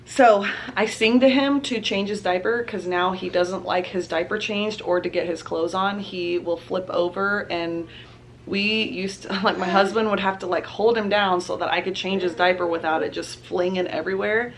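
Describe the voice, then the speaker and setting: A woman's voice: mid-range voice, fairly even intonation, normal speed, slight background noise. A young woman, chatting casually to camera as a mom vlogger and laughing often.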